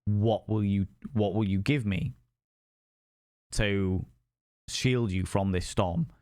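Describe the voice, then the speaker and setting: A man's voice: on the low side, slow, mellow, smooth, no echo, clean studio sound. A man voicing a sinister little old woman spirit in a told ghost story, speaking politely and hospitably. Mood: sweetly offering.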